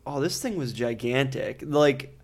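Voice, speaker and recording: A man chatting casually with friends, telling stories with animated emphasis. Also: mid-range voice, unhurried. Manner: storytelling, animated when telling anecdotes. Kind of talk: casual chat.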